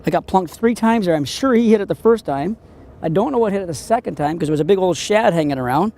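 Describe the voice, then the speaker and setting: A man hosts a fishing show from a boat outdoors, his voice pitched high with a gravelly edge. He exclaims at every catch and even chats to the fish as he reels them in. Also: quick pace. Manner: excitable, exclamatory, talks to the fish. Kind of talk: on-the-water fishing commentary.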